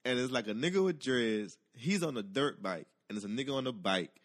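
Man, casual storytelling, lively swooping pitch, profane, acts out other people's voices. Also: brisk.

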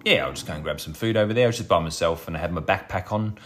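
A man's voice: deep voice, rapid-fire, fairly bright tone, slight background noise. Man telling a rambling story. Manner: swears freely, laughs at his own stories. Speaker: podcast host. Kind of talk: casual storytelling.

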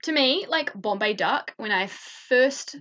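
Lady podcast host, kinda high voice, giggly and animated, swears a bunch. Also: slow pace. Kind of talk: casual chat.

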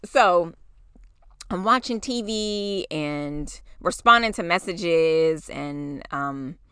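A woman in her forties hosting a podcast, telling a personal story in a casual, animated way, acting out quotes and swearing freely. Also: on the low side, drawn-out words, clear, resonant tone, no room sound, studio quality. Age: 40s. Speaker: podcast host.

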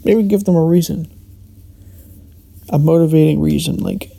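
Male podcast host, deep fry in the voice, soft warm tone, musing solo talk full of restarts. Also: unhurried, long pauses. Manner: meandering, many restarts and hesitations. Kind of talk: reflective solo monologue.

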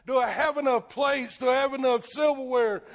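A man's voice: sits high, big pitch swings, pitched above the performer's own voice. A man voicing a frantic woman hostess who fires off anxious questions about her chores. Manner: anxious rapid-fire questions, shouted.

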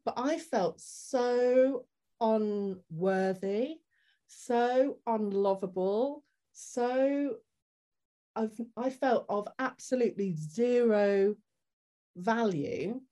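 A woman guest on a podcast, telling a personal story candidly and acting out the people in it. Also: on the high side. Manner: animated, acts out the people in her story.

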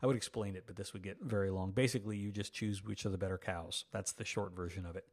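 A man's voice: low-pitched, fairly even intonation, fast talker. A man in his fifties, a pastor delivering a sermon, reading scripture and breaking into folksy, self-teasing asides.

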